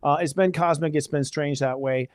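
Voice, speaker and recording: Upbeat astrology host, higher-pitched man. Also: moderate pace, no room sound, clean studio sound. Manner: chatty, energetic, spiritual enthusiasm. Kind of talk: casual live astrology talk.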